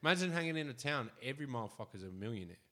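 A man's voice: medium pitch, expressive, very fast, noisy background. Rambling, sweary man. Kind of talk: casual chat.

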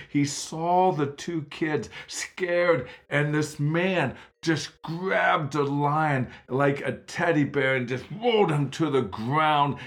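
A man narrating a children's story in an animated, dramatic way. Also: medium pitch.

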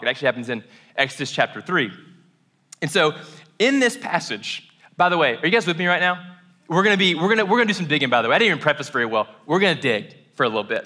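Bright-voiced young male pastor preaching casually. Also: fairly high pitch. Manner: casual, conversational preaching with frequent "right?" and "like"; acts out voices of biblical figures in quoted asides. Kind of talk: sermon.

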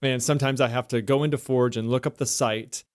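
A man's voice: mid-range voice, fairly even intonation, a little fast, no echo. Chatty American man, dry close mic. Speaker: podcast co-host. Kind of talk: casual tech podcast chat.

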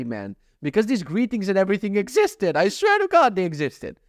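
A man's voice: high-pitched, very animated, brisk, few pauses, dry recording, studio quality. A man in his thirties talking in a casual diary vlog, rambling, profane and self-mocking. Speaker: vlogger.

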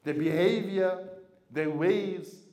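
Male imam, sermon delivery, slightly high pitch, dynamic storyteller, roomy echo. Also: takes it slowly. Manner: storytelling, swings from quiet to loud emphasis. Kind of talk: sermon to a congregation.

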